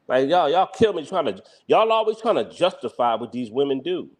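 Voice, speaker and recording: A man's voice: medium pitch, a little mellow. A man with a Philadelphia accent, hosting a live reaction stream, bluntly ranting and scolding his chat. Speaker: livestream host.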